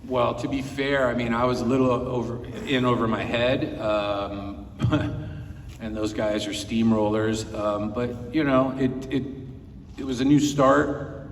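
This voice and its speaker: A man's voice: medium pitch, steady tone, measured pace, a little hiss or hum. A man in his fifties, a film producer on a convention panel, telling rambling anecdotes with chuckles and quotes he acts out. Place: large convention hall panel. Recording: echoey hall, voice from far off.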